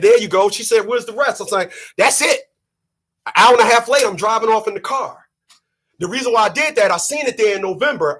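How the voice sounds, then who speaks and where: A man hosting his own channel, ranting and telling a story in a loud, emphatic, profane monologue. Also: high-pitched, slightly rough. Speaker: channel host.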